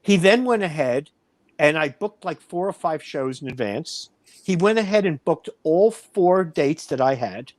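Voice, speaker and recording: A man's voice: a little high, animated, unhurried, no echo. A man in his fifties, a wrestling promoter, telling a heated story in a blunt, boastful way. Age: 50s. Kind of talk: casual storytelling.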